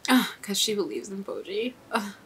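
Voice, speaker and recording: A woman's voice: medium pitch, expressive, moderate pace, a bit bright. A young woman hosting an anime reaction video, chatting casually and getting emotional, laughing often.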